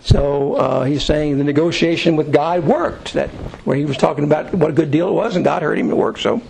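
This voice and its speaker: A man's voice: on the high side, a little fast, creaky, a little mellow, slight background noise, rough recording. A man leading an informal Bible study, reading verses aloud and then explaining them in plain conversational words. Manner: reads scripture aloud then paraphrases it conversationally. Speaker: Bible teacher.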